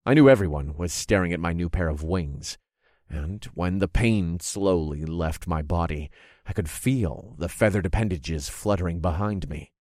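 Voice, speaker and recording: A man narrating a fantasy audiobook in the first person, expressive and acting out his own reactions. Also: low voice, normal speed, no echo, studio quality. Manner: expressive, groaning and cursing in character.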